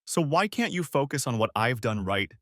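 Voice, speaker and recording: A man's voice: medium pitch, sing-song, moderate pace, a bit bright, no room sound, studio quality. A man voicing a heartbroken young wife who whines and begs, in a storybook reading. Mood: pleading. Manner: whining, begging, tearful.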